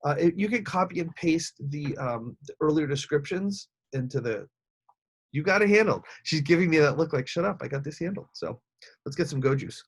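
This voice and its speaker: This speaking coach runs a live webinar online, addressing viewers head-on with plenty of upbeat energy. His voice is husky and fairly high-pitched, and he talks at a normal speed.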